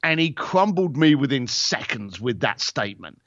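Animated, expressive man telling a story. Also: mid-range voice, moderate pace, no room sound, muffled recording. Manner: animated, blunt storyteller who swears and acts out dialogue. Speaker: podcast guest. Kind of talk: casual storytelling.

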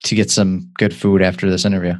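A man with a lowish voice answers interview questions in short, hesitant bits. He trails off and restarts as he searches for what to say. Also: flat delivery, quick pace. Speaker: interview guest.

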